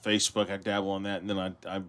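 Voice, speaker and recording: A man's voice: sits low, rapid-fire. A man co-hosting a casual talk show, telling rambling stories with plenty of fillers. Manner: rambling, animated storytelling. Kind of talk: casual chat.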